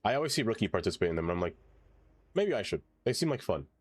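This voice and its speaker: A man's voice: deep voice, very animated, rapid-fire, dry recording, soft background music. A man streaming a city-building game, chatting casually with viewers, singing along and joking. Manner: playful, singing along and doing silly voices. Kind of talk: casual gameplay commentary.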